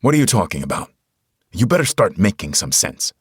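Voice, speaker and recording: A man's voice: lowish voice, sing-song, brisk, breathy edge, dry recording, clean studio sound, full character voice. A man voicing a blunt, level-headed survivor who presses for answers. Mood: tense.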